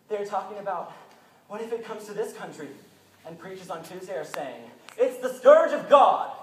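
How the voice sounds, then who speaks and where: A young man performing a dramatic monologue on stage, intense, dropping to hushed tones and rising to urgent ones. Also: on the high side. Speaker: student performer. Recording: echoey hall, mic far off, faint room hum.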